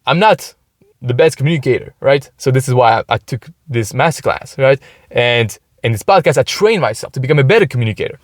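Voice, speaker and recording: A man chats through a casual podcast monologue from his car. His voice sits at an ordinary middle pitch and sounds close and dry, with no room echo. He keeps tagging "right?" onto his sentences and stumbles into frequent restarts. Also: expressive, a little fast. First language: French. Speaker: podcast host. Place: inside his parked car.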